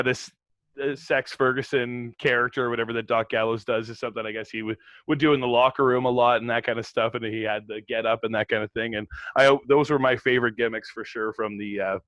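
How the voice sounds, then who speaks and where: Male podcast co-host, bright voice, dry sound, loose and laughing chat. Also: mid-range voice, steady tone, no echo. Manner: chatty, laughs often, slips into quick mock voices of wrestlers. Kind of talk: casual wrestling podcast chat.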